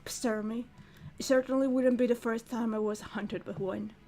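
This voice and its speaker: A woman's voice: a little high, fairly even intonation, normal speed, warm tone, faint music behind, pitched below the performer's own voice, lightly acted. Woman doing a curt, aloof young prince. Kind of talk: reading game dialogue aloud.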